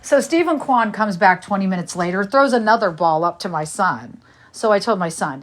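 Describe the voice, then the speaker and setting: A woman in her forties livestreams casual chat from home, walking around as she cleans, with her phone's camera off. Her medium-pitched voice is animated and moderately paced, and she's slightly out of breath as she rambles from one story to the next.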